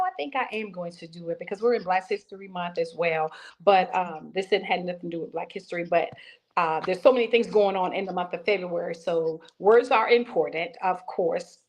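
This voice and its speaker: A middle-aged woman hosting a talk show, speaking in a heartfelt, preacherly way and calling listeners "baby". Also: lowish voice. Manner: warm preacherly encouragement, calls listeners baby. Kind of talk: casual interview chat.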